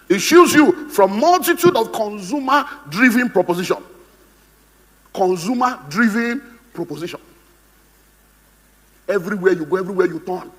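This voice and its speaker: A man's voice: high-pitched, breathy edge, big-room sound. A man with a Nigerian English accent, giving a humorous, theatrical seminar talk as a motivational speaker, acting out the voices he quotes. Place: conference hall on stage.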